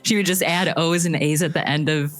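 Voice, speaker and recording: Giggly performer telling a quick story. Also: mid-range voice, fairly even intonation, fairly bright tone. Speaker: improv performer. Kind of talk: casual chat.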